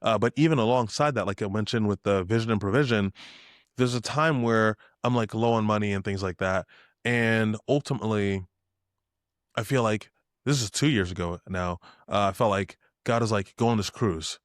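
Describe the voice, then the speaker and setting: Low-voiced man telling an animated story. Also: normal speed, no room sound, studio quality. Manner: acts out dialogue in shifted voices, spirited. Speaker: podcast guest, entrepreneur.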